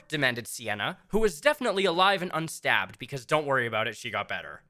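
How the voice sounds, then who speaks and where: A woman's voice: very deep voice, sing-song, quick pace, pushed and bright. A woman narrating a fan fiction story aloud in a wry, playful way.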